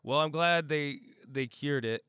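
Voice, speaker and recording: A man's voice: fairly high pitch, a little slow, sharp tone, smooth, dry recording, studio quality. A man hosting a podcast, wisecracking in a loose, playful way and reading out the show's plugs. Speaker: podcast host. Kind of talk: casual comedic chat.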